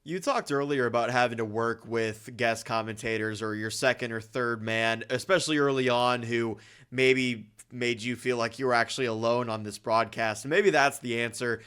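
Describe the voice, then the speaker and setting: A man hosting a podcast interview, asking his guest questions in a measured, conversational way. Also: mid-range voice, a bit bright, smooth. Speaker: podcast host.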